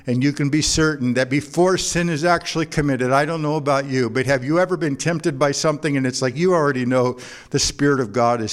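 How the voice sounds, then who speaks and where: A pastor delivers a sermon to his congregation in a relaxed, conversational manner. He mixes in jokes and asides. His voice sits a little on the higher side for a man. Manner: conversational preaching with humor and anecdotes. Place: church before a congregation.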